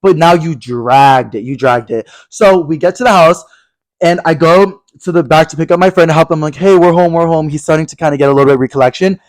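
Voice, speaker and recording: A young man co-hosting a podcast, telling a story in casual chat, animated and swearing a lot as he acts out angry quotes. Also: a little high, fast, no room sound, poor audio. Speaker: podcast co-host.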